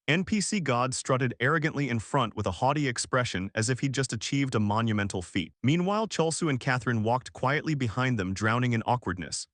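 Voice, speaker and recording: A man narrating a story recap in a steady, scripted way. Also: medium pitch, no room sound, studio quality.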